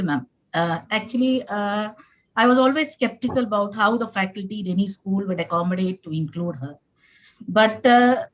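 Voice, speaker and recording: A woman in her forties, a parent on a conference panel, talking in an earnest, halting way with some emotion. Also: mid-range voice, rough recording. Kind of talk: panel discussion sharing.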